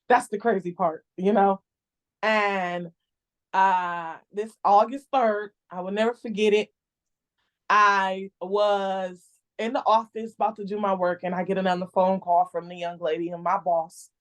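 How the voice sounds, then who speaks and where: A woman guest on a podcast, telling a personal story in a candid, expressive, casual way. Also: mid-range voice, a little slow.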